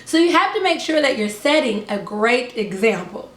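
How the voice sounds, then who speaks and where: A young woman, a preschool teacher, giving an upbeat lesson to parents in a slow, carefully over-enunciated way. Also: on the high side, sing-song, a bit bright, echoey room. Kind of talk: instructional talk to camera.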